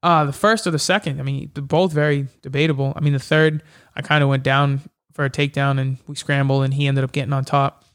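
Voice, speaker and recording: A man's voice: medium pitch, quick pace, smooth. A young man, a mixed martial arts fighter, telling fight stories in a casual interview and acting out the exchanges. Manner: animated, acts out quoted exchanges. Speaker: MMA fighter guest.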